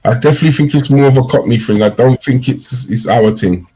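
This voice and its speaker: A man's voice: medium pitch, fairly quick, darkish tone, slightly rough, rough recording. A man co-hosting a podcast in casual chat, telling stories animatedly and mimicking slang phrases. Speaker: podcast co-host.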